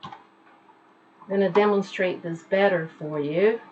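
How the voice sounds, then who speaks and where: Unhurried woman teacher drilling pronunciation from home, patient and repetitive, slightly muffled home recording. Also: medium pitch, darkish tone, slight background noise. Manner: slow, patient, repeats words to demonstrate sounds. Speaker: English teacher. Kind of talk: online pronunciation lesson.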